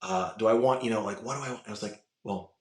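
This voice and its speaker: A man with a raspy voice, chatting casually as a podcast guest and telling animated stories with a lot of swearing. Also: lowish voice, fast. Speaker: guest, voice impressionist. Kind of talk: casual interview chat. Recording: roomy echo.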